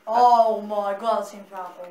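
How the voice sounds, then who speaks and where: A woman in casual gaming banter, blunt and quick, swearing freely while she plays. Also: medium pitch, fairly even intonation, warm tone, reverberant. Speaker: gamer.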